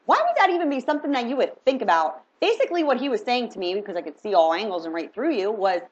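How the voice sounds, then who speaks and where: A middle-aged woman, a mother, telling a story in an indignant, animated casual rant, acting out her own lines and others'. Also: mid-range voice, fast talker, lo-fi sound.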